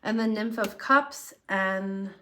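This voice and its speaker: This tarot reader talks slowly, her medium-pitched voice carrying a sharp edge, with a little noise behind her. Looking straight into the camera, she offers a casual reading in an earnest, encouraging way.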